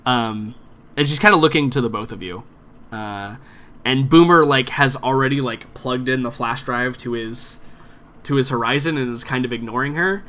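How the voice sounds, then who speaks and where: A man's voice: mid-range voice, normal speed, pushed and bright. A man narrating as game master of a tabletop game, with loose, rambling phrasing full of fillers.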